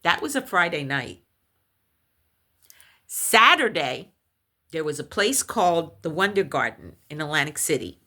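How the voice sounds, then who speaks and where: A woman recounting a personal paranormal experience, animated and halting, with many restarts when shaken. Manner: animated storytelling, acts out others' voices in high shrieks. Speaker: storyteller.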